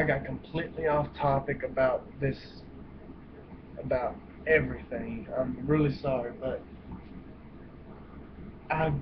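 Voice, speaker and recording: A man ranting in a casual vlog, blunt and profane, rambling and cutting himself off. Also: mid-range voice. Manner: blunt and profane, emphatic outbursts; rambling, self-interrupting. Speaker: vlogger. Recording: dull lo-fi home recording with steady hiss.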